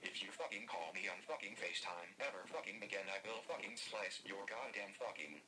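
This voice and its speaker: A male text-to-speech screen reader reading messages aloud in a flat synthetic manner. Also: on the low side, a little fast, a little hiss or hum, low-quality recording.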